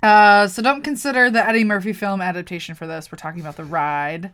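A woman's voice: medium pitch, quick pace, a bit bright, clear, resonant tone. A woman co-hosting a podcast in casual chat, with brief, dry interjections. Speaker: podcast co-host.

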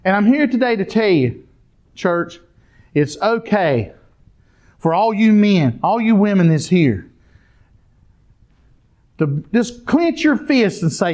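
A man's voice: high voice, very animated, slow pace, pauses often. A man preaching a sermon, telling stories and calling out to the congregation. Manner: storytelling, addresses the congregation directly.

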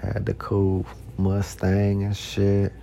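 A man with a deep, gravelly voice tells loose personal stories at an unhurried, drawn-out pace. His talk is slangy and full of profanity, circling back on words as he goes. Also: completely flat delivery, warm tone, slight background noise. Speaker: podcast host. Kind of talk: casual storytelling monologue.

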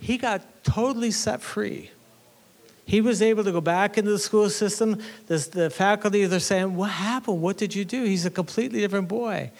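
A man's voice: high voice, normal speed, gravelly, darkish tone. A man pastor giving a conversational teaching sermon, telling a story with earnest restarts. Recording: reverberant hall.

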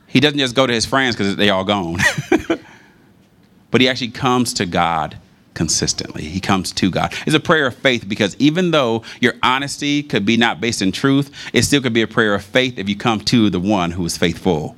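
A man preaching a sermon in a conversational, animated storytelling manner. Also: fairly low pitch, normal speed.

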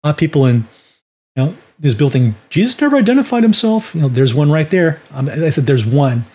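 A man's voice: mid-range voice, fairly quick, warm tone, husky. A man teaching a Bible lesson on sharing faith, talking in a folksy, conversational way with restarts. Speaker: ministry teacher.

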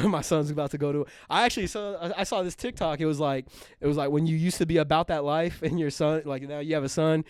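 Brief: young man, podcast co-host, slightly high and smooth, very dry close mic, animated and profane, laughs a lot. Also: quick pace, few pauses, no echo. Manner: animated, profane, laughs often, acts out quoted people. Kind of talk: casual chat.

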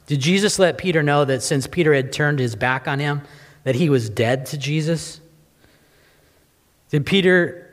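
A man reading scripture aloud and then preaching, earnest and full of rhetorical questions, his voice sinking low at the ends of phrases. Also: long reverb tail.

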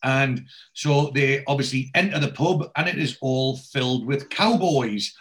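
A man's voice: mid-range voice, measured pace. A man hosting a podcast, recapping a TV episode in casual chat as a rambling storyteller full of restarts and asides.

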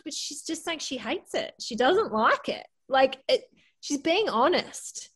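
A woman guest on a podcast, telling a personal story in a candid, lively way and often laughing. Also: high voice, unhurried. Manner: candid, animated, laughs often, acts out quotes. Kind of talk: casual storytelling.

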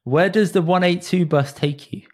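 A man hosting a casual podcast, relaxed and quizzing his guest, swearing offhandedly. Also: high voice, normal speed. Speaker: podcast host.

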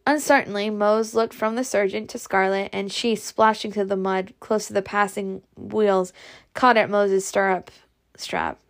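A woman reading a classic novel aloud as amateur audiobook narration, steady with occasional slips. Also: medium pitch, measured pace, vocal fry. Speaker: audiobook reader.

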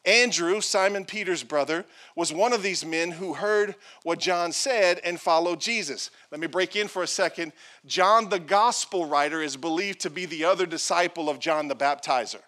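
A man's voice: on the high side, normal speed, pushed and bright. A male pastor preaching a sermon, reading scripture aloud with playful asides and acted-out quotes.

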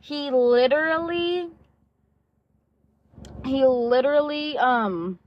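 A woman's voice: high-pitched, slow. Blunt young woman telling a story, lo-fi. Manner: candid and blunt, swears often, many fillers like "like" and "um"; acts out quoted dialogue while retelling. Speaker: vlogger. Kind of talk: casual storytelling. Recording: dull lo-fi sound.

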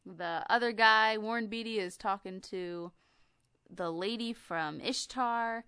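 A woman's voice: mid-range voice, unhurried, sharp tone, clean tone, dry recording, clean studio sound. A young American woman co-hosting a podcast, chatting casually and trailing off with lots of fillers. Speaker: podcast co-host. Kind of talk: casual chat.

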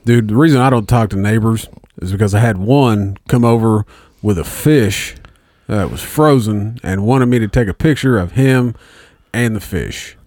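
A man's voice: fairly low pitch, moderate pace, darkish tone, no echo, clean studio sound. A man in his thirties chatting casually, laughing often and swearing as he tells stories. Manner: profane, laughs often, storytelling. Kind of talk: casual chat.

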